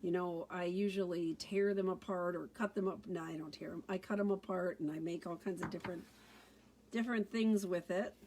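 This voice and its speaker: A woman's voice: lowish voice, steady tone, a little fast, darkish tone, a little hiss or hum. A woman giving a casual card-making tutorial, chatting through each step as she works.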